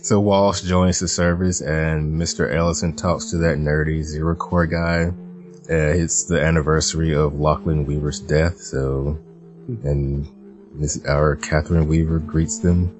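A man's voice: a bass voice, fairly even intonation, measured pace, over music. A man hosting a casual podcast, recapping an episode and laughing often. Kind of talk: casual chat.

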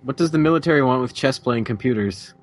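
A man's voice: medium pitch, quick pace, soft background music. A man co-hosting a podcast, chatting casually and asking questions. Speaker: podcast co-host. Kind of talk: casual chat.

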